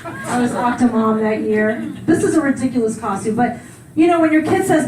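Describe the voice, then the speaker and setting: A woman's voice: fairly high pitch, lively intonation, normal speed, noisy background. A woman in her forties giving a conference keynote, telling personal stories in a chatty way, laughing often and acting out the voices she quotes. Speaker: keynote speaker. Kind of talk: conference talk, personal storytelling. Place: conference hall. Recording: echoey hall, heard from far off.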